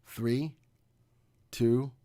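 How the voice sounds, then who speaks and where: A man's voice: medium pitch, steady tone, very slow, warm tone. A middle-aged man hosting a stock analysis live stream, upbeat and joking as he chats with viewers. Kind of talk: casual live stream talk.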